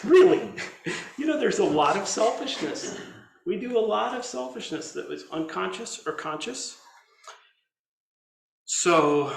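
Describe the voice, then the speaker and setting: A man gives a relaxed dharma talk, his voice rising and falling a lot as he thinks aloud. He stops, restarts and pauses often. The sound carries a roomy echo, as in a meditation hall. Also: on the high side. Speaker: Zen teacher giving a dharma talk.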